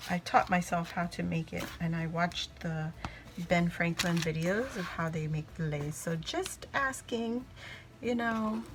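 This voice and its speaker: A woman vlogger from Hawaii excitedly unboxing handmade craft mail, gushing and exclaiming over each piece. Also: lowish voice. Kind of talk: casual unboxing chat. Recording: music playing in the background.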